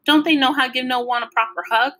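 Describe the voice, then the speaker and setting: A small, firm old grandmother speaks in a Southern accent, scolding and emphatic, as a woman reading a novel aloud puts her on. Her voice sits higher and bright. She drawls her words with a bossy warmth. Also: steady tone, fast.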